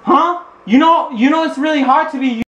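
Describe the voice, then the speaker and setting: Young man, shouting, swearing, taunting, echoey room. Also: very high voice, moderate pace. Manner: foul-mouthed, shouting and taunting. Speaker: teen YouTuber in a prank clip. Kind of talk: staged family confrontation.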